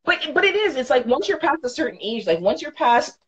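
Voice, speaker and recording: A woman's voice: sits high, sing-song, brisk, fairly bright tone, slightly rough, lo-fi sound. A woman in her thirties co-hosting a podcast, talking frankly and emphatically, swearing freely in casual chat. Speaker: podcast co-host.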